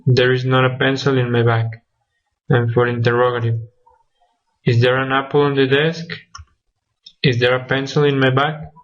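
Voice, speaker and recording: A man's voice: medium pitch, level tone, moderate pace, long pauses. A young man presenting a grammar lesson from slides as a student, listing examples one by one. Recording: dull lo-fi recording.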